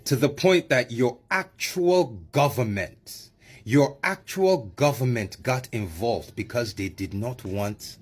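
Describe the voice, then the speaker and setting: A man with a husky, middle-pitched voice, delivering sarcastic, emphatic commentary straight at his listeners. He leans into mockery and repetition. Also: animated, slow. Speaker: commentator in a played clip.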